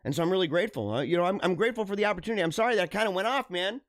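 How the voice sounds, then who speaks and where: A middle-aged man hosting a live show, talking earnestly and haltingly to his viewers, often repeating himself and restarting phrases. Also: high voice, expressive, fairly bright tone, dry recording, clean studio sound. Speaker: livestream show host. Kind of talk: emotional personal monologue to viewers.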